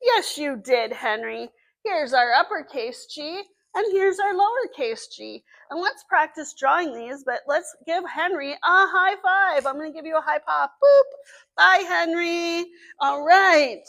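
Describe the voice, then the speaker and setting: A woman's voice: high-pitched, expressive, unhurried, pushed and bright. A woman with a Southern US accent leading a children's story time as librarian, with an encouraging sing-song teacher voice.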